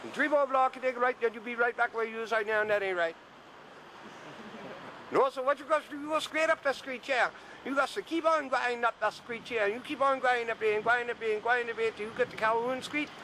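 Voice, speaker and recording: A man's voice: very high-pitched, a little fast, pushed and bright, pitched above the performer's own voice, exaggerated voice. A man voicing a polite, sly old gardener with a Gullah accent and a drawling folksy dialect, giving directions. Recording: noisy outdoor street.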